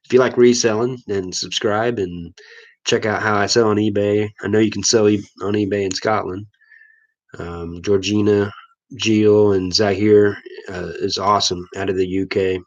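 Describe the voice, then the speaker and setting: A man from Missouri casually hosting a live stream, chatting with viewers in a relaxed, rambling way. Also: on the low side, moderate pace, lo-fi sound. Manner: laid-back, rambling, chuckles often. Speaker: livestream host.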